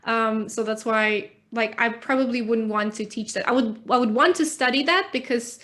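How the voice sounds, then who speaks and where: A woman's voice: a little high, normal speed, a bit bright. A woman, an English teacher, chatting candidly as a podcast guest and laughing easily. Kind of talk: casual conversation.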